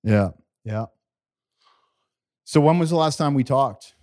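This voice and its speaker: A man's voice: mid-range voice, animated, takes it slowly, mellow. A man hosting a casual podcast chat in a laid-back, rambling way. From Canada. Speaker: podcast host. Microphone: remote call.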